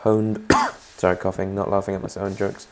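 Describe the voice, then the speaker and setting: A man with a low, gravelly voice talks his way through a let's play video. He rambles casually as he builds and keeps inviting viewers to chime in. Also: completely flat delivery, fairly quick, background noise. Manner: rambling, chatty, asks viewers to comment. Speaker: gaming channel host.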